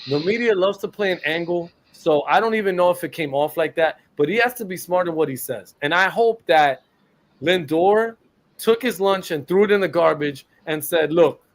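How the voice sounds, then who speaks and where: A man's voice: high-pitched, animated, moderate pace. A man, co-hosting a sports podcast and delivering a blunt, profane rant about a ballplayer. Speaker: podcast co-host.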